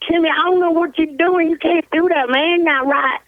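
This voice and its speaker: A man's voice: extremely high pitch, fairly even intonation, normal speed, no echo, pitched above the performer's own voice. A man voicing a racing friend with a thick accent who scolds him over the phone. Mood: incredulous scolding. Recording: tinny phone line.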